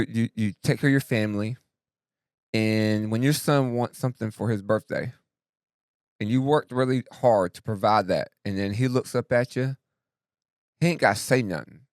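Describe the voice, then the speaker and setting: A man co-hosting a podcast, speaking in a relaxed, slangy, emphatic way. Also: mid-range voice, normal speed, long pauses, no room sound, studio quality. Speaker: podcast co-host. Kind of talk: casual conversational podcast.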